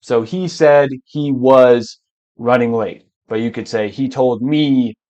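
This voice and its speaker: Male english teacher, live lesson, slow and patient, encouraging, clears throat often. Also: medium pitch, mellow.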